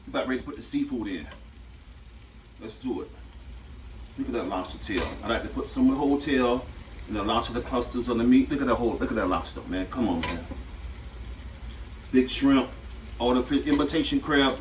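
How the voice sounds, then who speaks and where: Man, laid-back cooking chatter, mic set back from him, loud pan sizzle. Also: mid-range voice, a little fast, pauses often, echoey room, distant mic, a little hiss or hum. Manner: chatty and relaxed, repeats himself often. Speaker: home cook and channel host. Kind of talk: casual cooking demonstration. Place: home kitchen at the stove.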